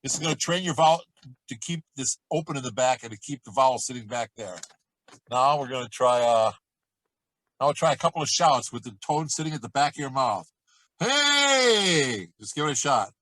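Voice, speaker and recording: A middle-aged man coaching a vocal warm-up lesson, talking in a relaxed, chatty way between loud sung demonstrations. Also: mid-range voice, brisk, dry recording, poor audio. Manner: demonstrates exercises with loud sung shouts and quacks.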